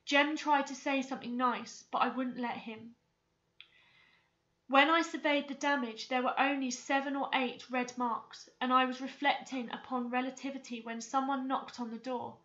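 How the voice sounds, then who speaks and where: Teacher lady reading a book aloud, high bright voice, clear and expressive, kinda muffled sound. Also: moderate pace. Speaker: English teacher.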